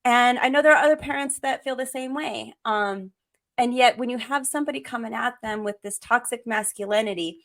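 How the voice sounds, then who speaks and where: A woman hosting a parenting podcast, her voice a little higher than most women's. She speaks in an open, earnest way as she asks her guest questions. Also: a little fast, a bit bright. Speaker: podcast host. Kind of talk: conversational interview.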